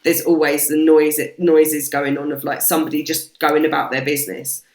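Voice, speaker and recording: British woman, low voice, lively casual storyteller, swears freely, echoey room. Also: normal speed. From Britain. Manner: animated, swears freely, acts out quoted voices. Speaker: podcast guest. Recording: roomy echo.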